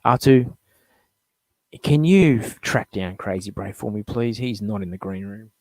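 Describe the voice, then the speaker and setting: A man's voice: fairly low pitch, animated, unhurried, darkish tone, no room sound. A middle-aged man hosting a live show, ranting bluntly with lots of swearing, rambling between topics. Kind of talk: profane sports fan rant.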